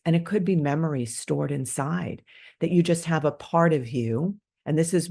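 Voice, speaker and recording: A woman speaks on a podcast in an unscripted, conversational monologue. Her voice has a gravelly edge, and she talks candidly and informally, restarting sentences as she goes. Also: deep voice, dark tone.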